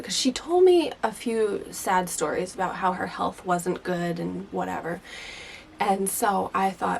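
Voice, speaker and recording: A woman's voice: medium pitch, unhurried, vocal fry, slight background noise. A woman, a hairdresser casually telling a story and filling it with "like" and "you know". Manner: chatty, leans heavily on "like" and "you know". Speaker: hairdresser and vlogger.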